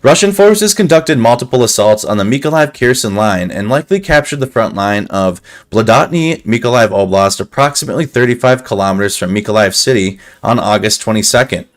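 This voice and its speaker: A man's voice: fairly low pitch, expressive, a little fast, few pauses. A man giving casual live commentary on war news over a map, thinking aloud with restarts and a slightly dry throat.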